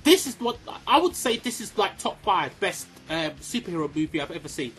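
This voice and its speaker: A man giving a casual, excitable film review, swearing freely and filling his talk with "like" and "um". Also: sits high, fairly quick, soft background music. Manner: excitable, swears a lot, many fillers.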